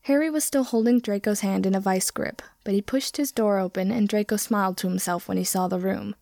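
A woman reading fan fiction aloud in a steady, plain storytelling manner. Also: medium pitch, fairly quick, creaky, no room sound, clean studio sound. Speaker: reader.

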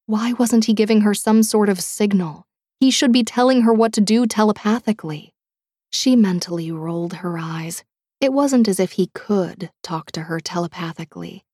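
A woman reading an audiobook in a measured, dramatic way, dropping to a hush at tense moments. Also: medium pitch, no echo, clean studio sound. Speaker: audiobook narrator. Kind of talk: scripted audiobook narration.

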